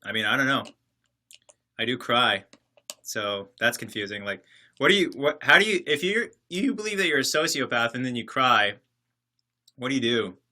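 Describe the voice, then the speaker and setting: A man's voice: mid-range voice, very animated, moderate pace, long pauses, sharp tone. A man casually chatting on a livestream, reading viewer comments and answering them in a sarcastic, joking, rambling way. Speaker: livestream host reading chat. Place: separate building, alone.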